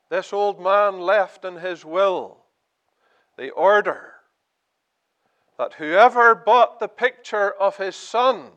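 A man preaching a sermon, telling a story slowly and then building to loud, emphatic appeals. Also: high voice.

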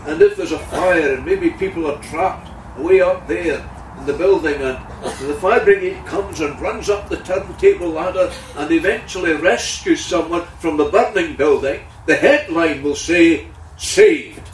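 A man preaching a sermon, earnest, with his voice rising loudly on key words. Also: on the high side, normal speed, slight background noise. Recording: echoey room heard from a distance.

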